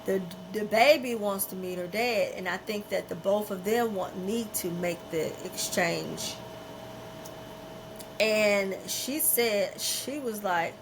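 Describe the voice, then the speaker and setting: A woman's voice: mid-range voice, takes it slowly, noisy background. A middle-aged woman hosting a podcast, talking in a candid, emphatic and unfiltered way, often repeating herself for weight. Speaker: podcast host.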